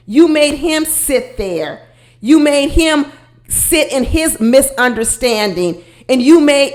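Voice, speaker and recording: Woman show reviewer with a high voice, emphatic and chatty, laughs a lot. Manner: animated, emphatic, laughs often; talks directly to viewers. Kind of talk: casual commentary vlog.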